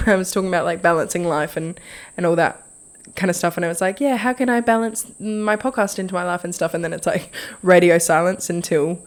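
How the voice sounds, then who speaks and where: A young woman hosting a solo faith podcast, talking in a rambling, chatty way and laughing at herself. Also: lowish voice. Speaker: podcast host. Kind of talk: casual solo podcast reflection.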